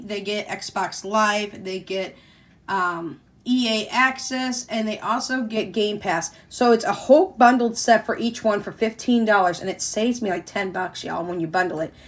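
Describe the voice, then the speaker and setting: An older woman from Missouri talking casually to her viewers about her monthly budget, chatty and addressing them as "y'all", getting excited as she retells things. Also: mid-range voice. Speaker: budgeting vlogger.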